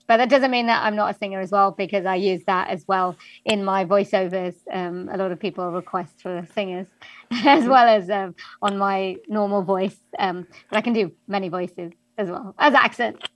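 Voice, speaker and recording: A woman's voice: mid-range voice, no echo, poor audio. Chatty woman with neutral British accent. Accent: general British English. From Wales. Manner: chatty, laughs easily, many fillers. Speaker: singer and voiceover artist. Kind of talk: interview conversation.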